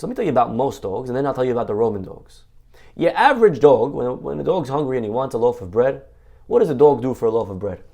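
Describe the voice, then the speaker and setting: A man giving a Torah lecture as a rabbi, an animated storyteller who asks rhetorical questions and acts out the quotes he tells. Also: mid-range voice, gravelly.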